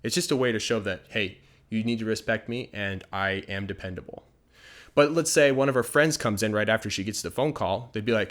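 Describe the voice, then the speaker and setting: An American man teaching English phrases for the workplace in a relaxed, explanatory way, acting out short dialogues as examples. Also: fairly low pitch, fairly quick. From United States. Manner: explains patiently, acts out short everyday dialogues. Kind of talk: casual language lesson.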